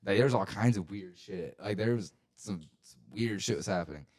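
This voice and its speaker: A young man with a deep, low voice tells a rambling, profanity-laced story in casual podcast chat. He leans on "like" constantly and grows loud and worked up when the story turns scary. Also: brisk. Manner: rambling, profane, full of "like" fillers, gets loud and excited at scary parts. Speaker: podcast co-host.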